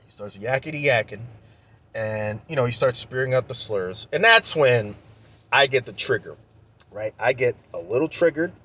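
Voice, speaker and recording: A man's voice: medium pitch, animated, moderate pace, sharp tone. A young man telling a story in a casual vlog rant, heated and profane, repeating himself when he gets worked up. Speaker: vlogger.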